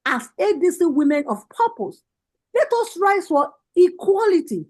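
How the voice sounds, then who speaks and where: A woman's voice: very high-pitched, sing-song, measured pace, a little mellow, rough recording. A Nigerian woman giving a rallying political speech over a video call, with repeated, impassioned calls to action. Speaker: party women's leader giving a speech.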